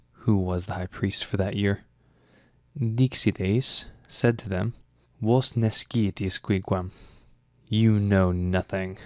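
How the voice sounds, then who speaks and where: A man with a somewhat low voice teaches a Latin lesson in a measured, scripted style. He reads each phrase slowly before explaining the grammar. The recording is dry and close, with no room sound. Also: dry recording.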